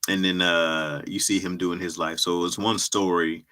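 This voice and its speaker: A man's voice: sits low, level tone, moderate pace, bright, forceful tone. A man hosting a livestream, chatting casually with viewers in a laid-back, slangy way and laughing often. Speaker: livestream host and comedy writer.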